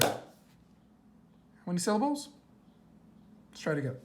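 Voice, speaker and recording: A woman teacher reading a worksheet aloud to young children, patient and slow, asking questions and answering them herself. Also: sits low, animated, noisy background.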